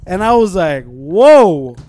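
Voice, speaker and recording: Joking young man, slightly high voice. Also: brisk, a little mellow, no room sound. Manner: loose, joking, full of "like" fillers. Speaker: podcast co-host. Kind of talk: casual chat.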